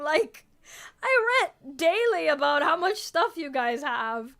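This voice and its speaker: A young adult woman streaming as a VTuber, chatting casually in a rambling, excitable way full of fillers and restarts. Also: sits high, slow pace, vocal fry. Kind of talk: casual livestream chat.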